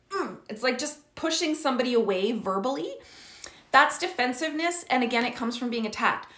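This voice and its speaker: A middle-aged woman coaches parents in an earnest, explanatory way, checking in with her listeners as she goes. Her voice sits a little high. The room gives it a noticeable echo. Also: a bit bright. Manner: earnest, checks in with frequent "okay?" and "right?". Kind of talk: teaching talk to parents. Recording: roomy echo.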